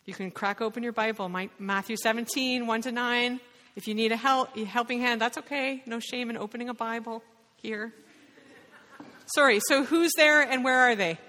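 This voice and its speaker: A woman leading an interactive Bible lesson, quizzing the group with quick questions. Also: a little high, fairly even intonation, sharp tone. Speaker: Bible study leader. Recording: reverberant hall.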